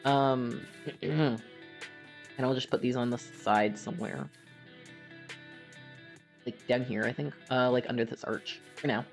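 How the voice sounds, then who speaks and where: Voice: mid-range voice, unhurried, creaky, pauses often, soft background music. A young adult from Canada, a gaming streamer chatting and telling a rambling story while playing. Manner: chatty, rambling, with frequent fillers.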